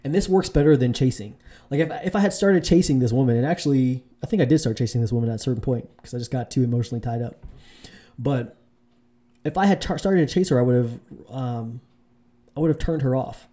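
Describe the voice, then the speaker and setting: Rambling man with a very dark voice. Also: a little fast. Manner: rambling, full of fillers and restarts, mimics women in a high voice. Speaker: vlogger giving dating advice. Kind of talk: casual storytelling to camera.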